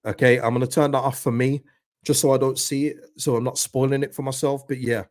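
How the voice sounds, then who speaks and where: A man hosts a live football watchalong, talking in an ordinary mid-range voice. He swings between excited reactions and pleading with the players, and reads out and answers his viewers' messages. The sound is dry, with no room echo. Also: medium pitch, fairly quick.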